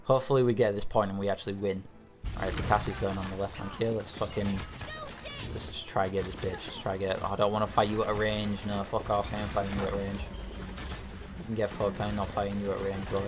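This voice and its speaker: A man's voice: lowish voice, level tone, fast talker, over music. A young man giving live commentary over his own game, swearing and urging his team on. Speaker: gamer streaming commentary.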